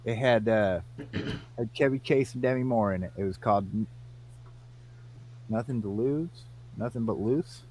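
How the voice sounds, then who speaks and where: A man's voice: mid-range voice, a little slow, pauses often. Chatty Iowa man, medium voice, plays out dialogue, light hum behind. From Iowa, United States. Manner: animated, acts out both sides of the dialogue. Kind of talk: casual storytelling among friends.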